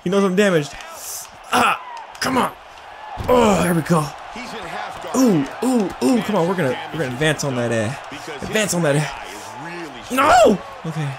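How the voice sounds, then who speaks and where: Male gamer, high and very animated, trash-talking over a roaring game crowd. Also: brisk. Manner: excitable, yelps and laughs, trash-talks the opponent. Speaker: gamer playing a fight game. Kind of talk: excited let's-play reactions. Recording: game arena crowd noise behind. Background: video game crowd noise.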